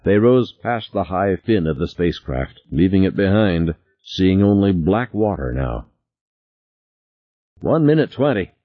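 Deep-voiced man narrating expressively. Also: a little slow, hardly any pauses, lo-fi sound. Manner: dramatic, expressive reading. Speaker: audiobook narrator. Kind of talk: scripted narration.

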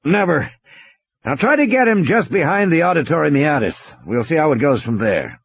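Gruff, blunt game warden in clipped lines, pitched a little higher, as a male reader puts him on, dry and slightly muffled audiobook sound. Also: very animated, moderate pace, dry recording, full character voice.

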